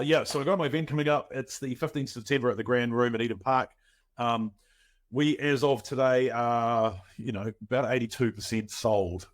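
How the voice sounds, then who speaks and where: A man hosting a property webinar, chatty and promotional, with many filler words, on a video call. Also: mid-range voice. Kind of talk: casual webinar pitch.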